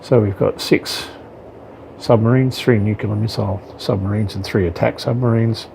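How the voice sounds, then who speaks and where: Deep gravelly man unboxing miniatures. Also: fairly even intonation, moderate pace, a little mellow, slight background noise, low-quality recording. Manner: hesitant, frequent ums and self-corrections. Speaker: wargaming hobbyist reviewing miniatures. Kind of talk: casual unboxing commentary.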